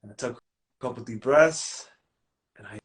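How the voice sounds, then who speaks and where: A man's voice: mid-range voice, moderate pace. A man who works as a coach, talking casually on a live stream, slangy and full of restarts. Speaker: life coach.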